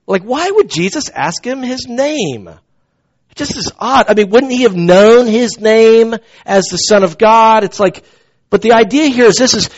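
A man preaching a sermon as pastor, in a conversational, animated storytelling way. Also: sits high, dull audio.

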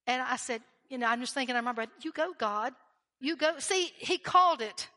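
A woman's voice: high voice, bright, forceful tone, in a large hall. A woman preaching a sermon with fervent emphasis, repeating key lines and asking the listeners questions.

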